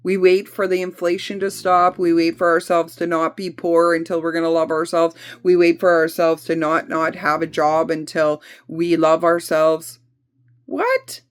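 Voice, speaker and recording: A woman's voice: on the low side, flat delivery, normal speed, few pauses, clean tone. A woman teaching spiritual healing in a blunt, emphatic, repetitive way, with occasional swearing. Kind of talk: spiritual self-help talk.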